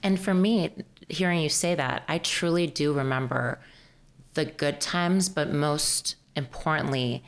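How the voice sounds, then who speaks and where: A woman hosting a podcast interview who asks questions in a warm, reflective way. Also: sits low, unhurried. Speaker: podcast host.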